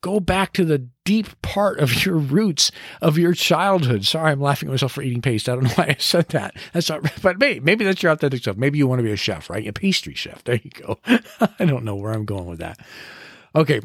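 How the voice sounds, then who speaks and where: A man's voice: mid-range voice, lively intonation, fairly quick, a bit bright, no room sound, clean studio sound. A middle-aged man hosting a motivational podcast, speaking earnestly and encouragingly and sometimes laughing at himself. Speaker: podcast host and coach.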